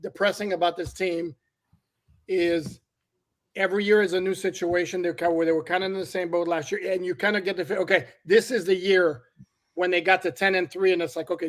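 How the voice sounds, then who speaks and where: A man hosting a sports podcast as a journalist, talking in a measured, wry way with hesitant restarts. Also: high-pitched, a bit bright.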